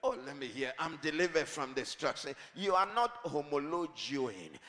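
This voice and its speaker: A male pastor preaching a sermon and leading the congregation in call-and-response, building up to shouted declarations. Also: a little high, animated, normal speed. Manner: leads the congregation in repeating lines. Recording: long reverb of a large hall.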